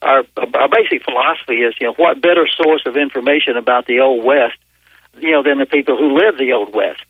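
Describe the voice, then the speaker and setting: A man's voice: medium pitch, fairly quick, dry recording. Southern man on a tinny phone line. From Northwest Louisiana. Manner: hesitant, many fillers and restarts. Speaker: author and paranormal investigator guest. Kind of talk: casual interview talk.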